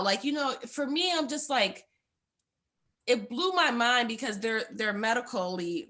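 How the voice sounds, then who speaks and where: A young woman sharing a personal testimony as a guest, her voice sitting at an ordinary middle pitch. She talks in a heartfelt, rambling way. Her sentences are loosely strung together with "like" and "you know". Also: pushed and bright.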